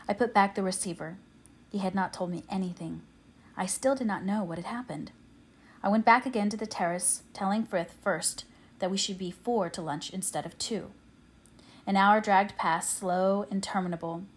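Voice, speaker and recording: A woman narrating an audiobook in a measured, quiet, steady way. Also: mid-range voice, slightly rough. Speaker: audiobook reader.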